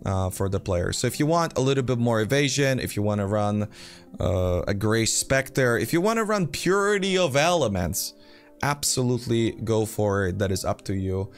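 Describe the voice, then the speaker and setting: A game build guide host talks casually through a character build, his voice on the low side and expressive at a normal pace. He rambles with fillers and self-deprecating asides while faint music plays behind him.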